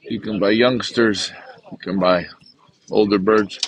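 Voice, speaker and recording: A man's voice: lowish voice, fairly even intonation, unhurried. A man from Canada giving a chatty, upbeat, gum-chewing vlog as he walks through an outdoor pigeon market, filming on a handheld phone. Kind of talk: casual walk-around vlog. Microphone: handheld phone camera.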